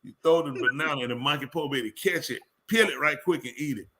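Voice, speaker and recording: Bright joking man, drawl. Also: medium pitch, quick pace, slightly rough. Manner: joking, teasing, loud playful outbursts. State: congested sinuses. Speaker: live show host. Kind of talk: casual live call-in banter.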